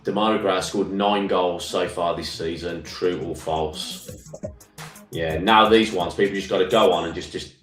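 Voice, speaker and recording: A very low-pitched man with a Birmingham accent runs a live football quiz, reading every question twice and saying "mate" a lot. His voice rings around an echoey room, with faint music playing behind. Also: fairly even intonation, moderate pace. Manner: reads each question twice, chatty with frequent "mate". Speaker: football phone-in co-host.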